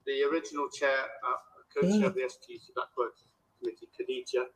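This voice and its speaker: A man's voice: medium pitch, lively intonation, fast. A man giving a public speech at a march. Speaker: speaker at a march. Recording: crowd noise behind, outdoor rally.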